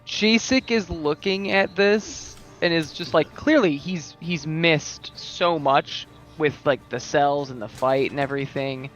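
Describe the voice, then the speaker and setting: Slow-talking amused male player. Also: a little high, fairly bright tone, faint music behind. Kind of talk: tabletop role-play banter.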